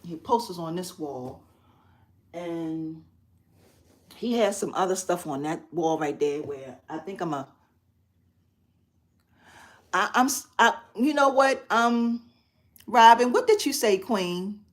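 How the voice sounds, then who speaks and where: A middle-aged woman chatting casually on a phone live stream from a quiet room at home, expressive and quick to laugh. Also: fairly low pitch. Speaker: craft channel host. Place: quiet spare bedroom at home.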